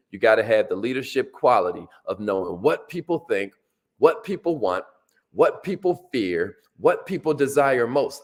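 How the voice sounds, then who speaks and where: A motivational speaker giving a workshop talk, energetic and casual, repeating his lines and calling out to the listeners for responses. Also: mid-range voice.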